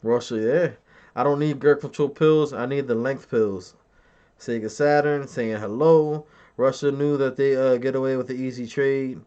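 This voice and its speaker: Streamer, male, mid-pitched, crude boastful banter with chat, dull lo-fi mic. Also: steady tone, moderate pace, dark tone, clean tone. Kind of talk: casual live-stream chat.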